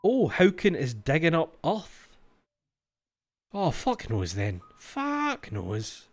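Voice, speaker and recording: A man's voice: on the high side, very animated, slow pace, a little mellow, soft background music. Sweary Scottish man streaming a game. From Scotland. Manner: swears freely, reads game text aloud, joking asides. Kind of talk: livestream gameplay commentary.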